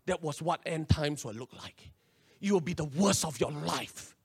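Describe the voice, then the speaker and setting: With a fairly high, slightly rough voice at normal speed, this Singaporean English-accented man preaches a sermon. As a pastor, he animatedly relates a personal story using local slang.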